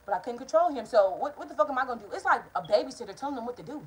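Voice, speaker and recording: A young woman rattles through a personal story at speed, her high voice leaping all over the place. She is blunt and full of swearing, and she talks straight to the camera as if to friends. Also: racing, few pauses, a little hiss or hum, poor audio. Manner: animated, profane, talks straight to viewers; acts out quoted people in changed voices. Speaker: vlogger. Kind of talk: casual storytime monologue.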